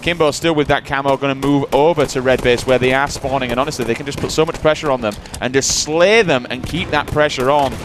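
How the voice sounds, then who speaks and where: A man calling live esports play-by-play, energetic and hyping up the viewers. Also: medium pitch, fast talker, few pauses, music in the background. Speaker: esports commentator.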